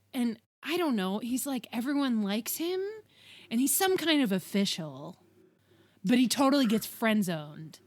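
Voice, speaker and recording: A woman co-hosting a comedy podcast, retelling things with sarcastic, animated flair in casual chat. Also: mid-range voice, dry recording. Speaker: podcast co-host.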